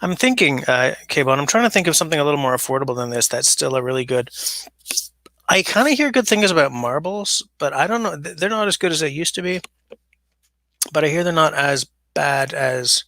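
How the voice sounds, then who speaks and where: A man's voice: a little high, lively intonation, normal speed, bright, forceful tone, no echo. A man hosting a casual livestream, rambling and chatting while he reads viewer comments aloud. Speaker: livestream host. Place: basement. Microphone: smaller mic than his usual setup.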